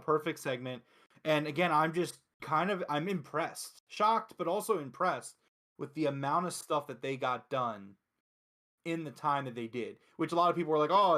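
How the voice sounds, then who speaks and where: A man from Philadelphia hosting a casual wrestling review show, talking excitedly and emphatically with frequent swearing. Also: on the high side. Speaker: host.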